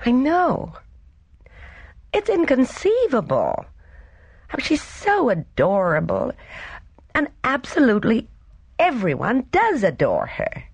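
A narrator doing an emotional, exclamatory young wife in an audiobook. Her lines ride higher and swing widely. The sound is close and dry. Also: wildly swooping pitch, takes it slowly, long pauses, breathy edge, dry recording, full character voice. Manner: impulsive, exclamatory.

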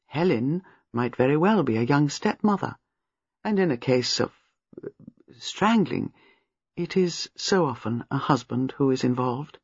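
A reader playing a chatty old spinster sleuth from a storybook, mild and observant, with a lilting, breathy voice. The sound is dry and slightly dull. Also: female voice, deep voice, sing-song, normal speed, no echo, heavily acted. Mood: calm. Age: older. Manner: mild, chatty, quietly shrewd. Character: gentle gossiping elderly spinster sleuth. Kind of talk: audiobook character reading.

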